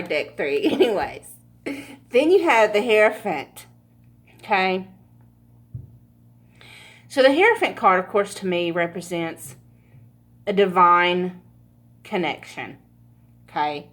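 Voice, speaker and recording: A woman giving a casual pick-a-card tarot reading, chatty and laughing often, with frequent swearing. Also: mid-range voice. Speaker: tarot reader.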